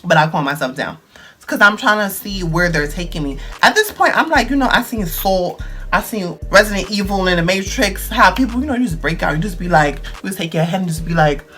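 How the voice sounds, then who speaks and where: A man of twenty-one telling a story on his video blog, dramatic and animated, full of slang. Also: sits high, a little fast, soft background music. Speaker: vlogger. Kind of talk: storytime vlog.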